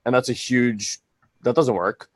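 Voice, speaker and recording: A man's voice: medium pitch, steady tone, a little slow, no room sound. A man co-hosting a casual coaching podcast, talking in a reflective, searching way with frequent restarts and fillers. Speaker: co-host and transformation coach.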